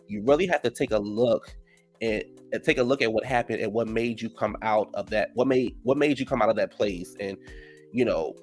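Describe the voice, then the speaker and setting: A man giving a casual, sassy recap of a reality show, acting out the cast members' lines in a raised, animated voice. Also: on the low side, moderate pace, soft background music. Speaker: show reviewer.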